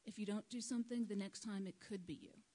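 A woman's voice: medium pitch, fairly even intonation, fast talker, dark tone, close to an everyday voice. Firm older grandma w slight german accent, emphatic, principled, as a woman quotes her.

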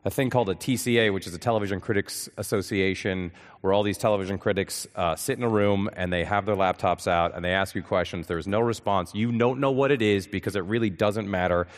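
Casting: low-voiced man, dry self-mocking guest, halting delivery, live hall sound. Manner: self-deprecating, deadpan jokes, halting restarts. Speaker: guest actor. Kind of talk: casual interview chat.

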